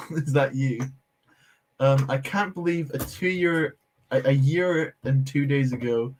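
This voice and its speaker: Male livestream host, relaxed and slow-paced, chats with viewers while tinkering, quick to laugh at himself. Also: medium pitch. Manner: chatty, answers viewer chat while tinkering with a build; laughs easily, self-deprecating. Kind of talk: casual livestream chat.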